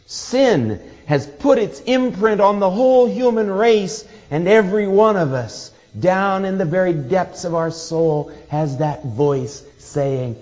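Slow-paced, high-voiced male preacher, dull recording in a large hall. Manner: expressive, acts out quoted voices with laughter. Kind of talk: sermon.

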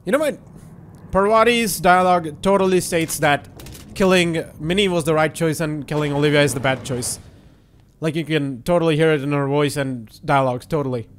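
A young man giving casual, excitable let's-play commentary while he plays, swearing and joking. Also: fairly high pitch, fairly quick, slight background noise. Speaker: gaming YouTuber.

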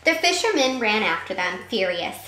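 A woman's voice: mid-range voice, moderate pace. A woman reading a picture book aloud to children as a teacher, telling it expressively with little asides. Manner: expressive, animated storytelling. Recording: roomy echo.

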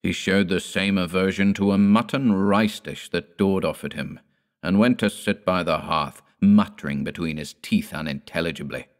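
A man narrating a classic horror tale in a measured, quiet storytelling manner. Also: sits low. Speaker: audiobook narrator.

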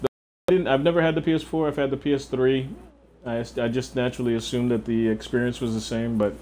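A man's voice: mid-range voice, mellow. A young man livestreaming a video game, chatting casually and profanely while answering viewers. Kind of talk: casual gameplay chat.

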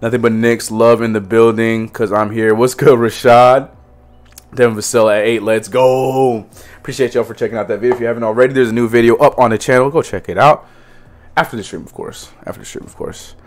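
A man's voice: medium pitch, fairly even intonation, fairly quick. A young man livestreaming, casually greeting chat viewers by name and repeating his phrases, in a home streaming setup.

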